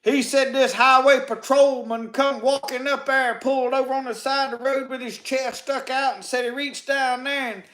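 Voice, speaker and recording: A man's voice: very high voice, fairly even intonation, normal speed, few pauses, sharp tone. A man with a Mississippi accent telling folksy tall tales in a drawl, stringing everything together with "said". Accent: Southern US, Mississippi. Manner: drawling, repeats "said" constantly. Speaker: storyteller. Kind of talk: folksy tall-tale storytelling.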